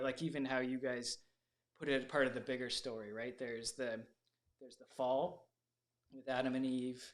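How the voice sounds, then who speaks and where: A man joins a casual faith discussion, speaking hesitantly and working through his thoughts out loud. His voice sits at an average pitch. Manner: hesitant, thinking aloud. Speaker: participant in a church discussion.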